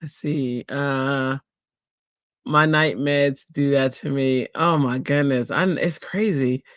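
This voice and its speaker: A man's voice: mid-range voice, takes it slowly, a bit bright, dry recording, highs cut off. A man, chatting casually and rambling with lots of fillers while he makes cards on a livestream at home. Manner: chatty, rambling, greets viewers, many fillers. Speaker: card-making livestream host.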